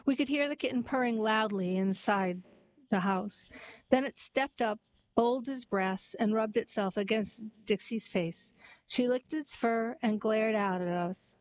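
A woman narrating a heartwarming story and then reading a poem aloud in a gentle, even storytelling manner. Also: on the high side, measured pace, low-quality recording.

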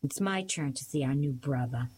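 A woman's voice: extremely low pitch, normal speed, a little mellow, slightly rough, pitched below the performer's own voice, rough recording. Woman doing a sneering, surly teenage brother. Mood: mocking. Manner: sneering, blunt. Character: surly teenage boy, hostile older brother.

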